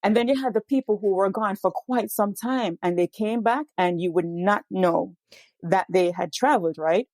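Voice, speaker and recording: Jamaican woman guest explaining calmly. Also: mid-range voice, dry recording. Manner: measured, explanatory, light laughter in anecdotes. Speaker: education scholar guest. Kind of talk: explanatory interview answers.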